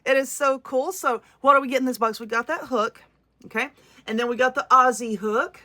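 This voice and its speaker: A woman's voice: sits high, fairly even intonation, a little fast, sharp tone, slight background noise. A woman with a Southern US accent, gushing and exclaiming as she unboxes crafting goods in a casual vlog. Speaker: crafting vlogger. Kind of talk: excited unboxing chat.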